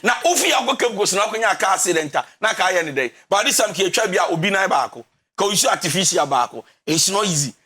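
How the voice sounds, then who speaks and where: A man with a Ghanaian English accent who counsels listeners on a talk show. His voice sits high and sounds bright and forceful. He talks emphatically like a preacher, mixes in Twi and slides into half-sung lines. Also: lively intonation, fast, husky. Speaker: relationship counselor.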